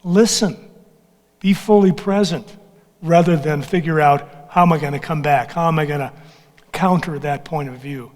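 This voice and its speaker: A man moderates a discussion on stage, thinking aloud in loose, reflective phrases. His voice sits a little high for a man. The hall adds a long reverberant tail. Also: normal speed, a little mellow.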